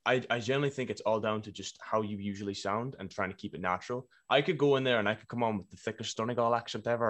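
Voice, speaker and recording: A man's voice: fairly low pitch, fast talker, hardly any pauses, a bit bright. A young Irish man, a rapper guest, chatting casually in an interview, laid-back and playful, laughing easily. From Ireland.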